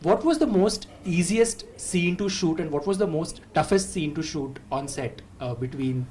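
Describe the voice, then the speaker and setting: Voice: medium pitch, moderate pace, a little mellow, a little hiss or hum. An interviewer asking questions in a casual, enthusiastic, fan-like way.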